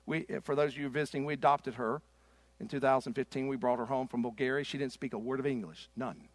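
A middle-aged man preaching a sermon in a church. His delivery is impassioned and swings from loud to hushed. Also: mid-range voice, steady tone, fast, no echo. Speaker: pastor. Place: church sanctuary.

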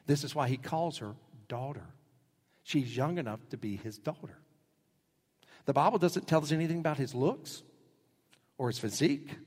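A middle-aged male pastor preaching a sermon, telling stories animatedly and acting out quotes with sudden jumps in pitch. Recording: husky voice with long hall reverb.

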